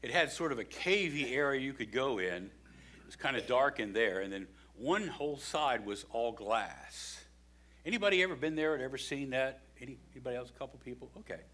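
A man preaching a sermon, lively and expressive, acting out the voices in his story. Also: medium pitch, a little fast. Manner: animated preaching, acts out quoted voices. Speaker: pastor.

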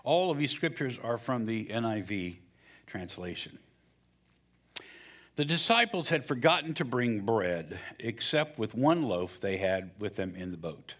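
A man preaching a sermon as a pastor, telling a joke and then reading scripture in a lively, storytelling way. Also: fairly low pitch, a little slow.

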